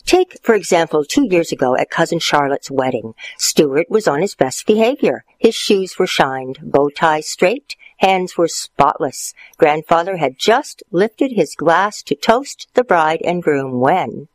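A man narrating a storybook in a playful, expressive way, lifting his voice for the characters. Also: measured pace, hardly any pauses, dry recording, low-quality recording. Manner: playful, expressive, jumps higher for character quotes.

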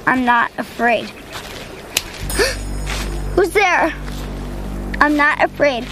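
Brief: high, slow-talking frightened boy, radio drama, music bed. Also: lively intonation, full character voice. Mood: terrified. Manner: fearful, pleading. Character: frightened schoolboy, timid and jumpy.

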